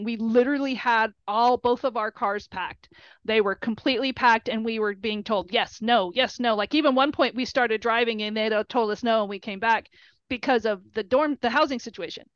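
A woman's voice: on the high side, normal speed, a bit bright, no echo, lo-fi sound. A middle-aged woman, a mother, telling a story casually and emotionally, with many fillers and quoted dialogue. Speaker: mother of a college football player.

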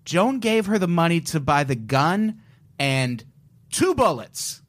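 A man co-hosting a podcast, retelling a crime case in a casual, joking way with quick asides. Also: on the high side, very animated, a bit bright. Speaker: podcast co-host. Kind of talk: casual true-crime chat.

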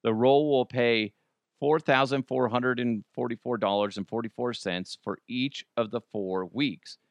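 A man's voice: mid-range voice, steady tone, unhurried, no echo, highs cut off. Rambling self-mocking man, dry close sound. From Colorado. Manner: rambling, self-deprecating, jokey asides. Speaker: podcast host. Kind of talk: casual solo chat.

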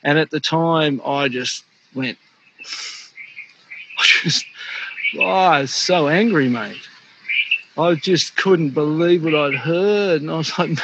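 A man's voice: on the high side, a little slow, long pauses, lo-fi sound, background noise. A middle-aged man with an Australian accent, telling stories in a casual interview, laughing often and saying "mate" a lot. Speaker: interview guest, former pro surfer. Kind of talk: casual storytelling.

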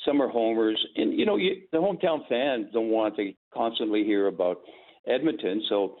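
A man's voice: on the low side, moderate pace. An older man, a former sportscaster and guest, telling anecdotes and acting out the quotes, over a tinny phone-like line. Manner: animated anecdotes with acted-out quotes. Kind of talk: storytelling interview.

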